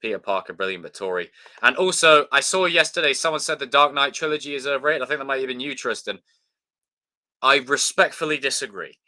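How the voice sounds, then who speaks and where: A man's voice: medium pitch, animated, brisk, bright, forceful tone. A young man hosting a live stream, chatting loosely, swearing and thanking viewers by name. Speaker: livestream host. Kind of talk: casual live stream sign-off chat.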